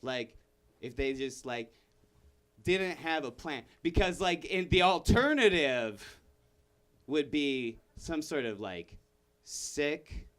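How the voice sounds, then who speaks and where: A young man performing a stand-up comedy set, rambling and self-interrupting, bursting into shouted character bits. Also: mid-range voice. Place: comedy room with live audience.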